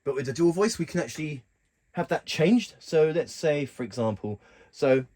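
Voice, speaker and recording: A man with a slightly higher than average voice talks through a keyboard demonstration in a casual, unscripted way, pausing and correcting himself as he goes. Loud keyboard music plays behind him the whole time. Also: lively intonation. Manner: halting, stops to correct himself mid-sentence. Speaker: keyboard tutorial presenter. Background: keyboard sounds being demonstrated.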